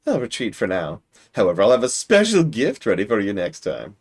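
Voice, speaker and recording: A man's voice: fairly low pitch, wildly swooping pitch, brisk, breathy edge, heavily acted. A man reading a haughty, menacing villain. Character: arrogant male villain servant of a nameless master. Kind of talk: reading game dialogue aloud in character.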